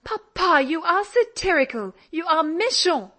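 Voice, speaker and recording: A woman's voice: extremely high pitch, unhurried, pitched above the performer's own voice, heavily acted. A woman voicing an earnest, teasing young woman who pleads with and scolds her father in an audiobook. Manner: lively, pleading and mock-indignant. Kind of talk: audiobook character reading.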